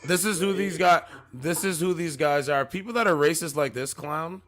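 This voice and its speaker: A man with a fairly high voice argues on a livestream. He is confrontational and hammers the same phrases again and again. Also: moderate pace, fairly bright tone. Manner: confrontational, repeats phrases over and over. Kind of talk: heated livestream argument.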